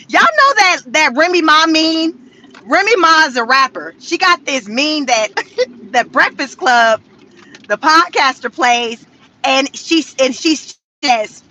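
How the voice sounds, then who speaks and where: A woman hosting casual political commentary, animated and laughing often, talking straight to her viewers. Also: high voice, slow, low-quality recording.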